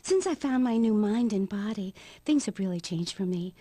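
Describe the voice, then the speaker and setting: An actress playing a rambling new-age woman who calls herself a white witch, on a game's radio talk show, drifting into hushed whispers. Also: medium pitch, expressive, normal speed, dry recording, close to an everyday voice. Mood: dreamy. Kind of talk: video game radio comedy acting.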